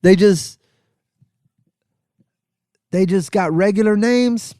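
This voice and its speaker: A man's voice: takes it slowly, dark tone, no echo, clean studio sound. Sarcastic, rambling man on a comedy podcast. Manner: rambling, profane, sarcastic riffing with restarts; jumps into high exclaims for emphasis. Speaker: podcast host. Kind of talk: comedic monologue.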